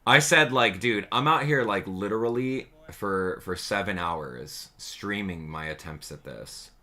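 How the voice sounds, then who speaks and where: A man hosting a live stream, chatting casually and excitably with his viewers and laughing often. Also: on the low side, unhurried. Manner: excitable, animated, laughs often, addresses chat directly. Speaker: livestream host.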